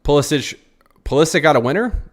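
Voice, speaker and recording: A man's voice: on the high side, expressive, brisk. A young man hosting a live post-match football reaction, frustrated and rambling, repeating himself as he answers chat comments. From United States. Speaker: football channel host.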